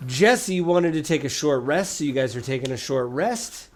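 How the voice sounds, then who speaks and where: A man's voice: a little high, animated, moderate pace, a little hiss or hum. Rambling man running a tabletop game. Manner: casual, rambling with many fillers. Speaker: game master.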